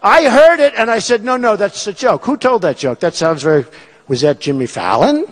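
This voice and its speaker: A man in his sixties delivers a rally speech, repeating his points with emphasis and boasting as he drifts between topics. His voice sits high and swings widely in pitch. Long reverb from a large performing arts hall trails each phrase. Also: big pitch swings, moderate pace. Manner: repetitive, emphatic, boastful, digressive. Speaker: political candidate speaking at a rally.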